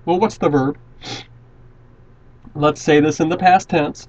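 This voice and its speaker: A man explains grammar step by step at a board, with a slightly high voice. He is patient and repeats himself often. The recording is dull and lo-fi. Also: measured pace, darkish tone. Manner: patient, repeats and restarts words while explaining. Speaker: teacher. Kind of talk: grammar lesson at a whiteboard.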